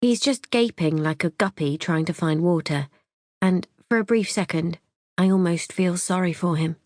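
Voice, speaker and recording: A woman's voice: lowish voice, moderate pace, a little mellow, dry recording, clean studio sound. A woman reading a first-person thriller in a wry, conversational way. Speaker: audiobook narrator.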